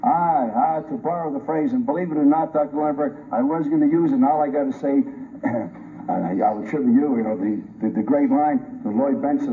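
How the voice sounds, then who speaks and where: A man's voice: mid-range voice, brisk. A man, a forensic pathologist, giving a combative, sarcastic, emphatic debate speech to a colleague. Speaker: forensic pathologist on a review panel. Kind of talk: heated public debate speech. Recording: muffled lo-fi archive recording with faint hiss.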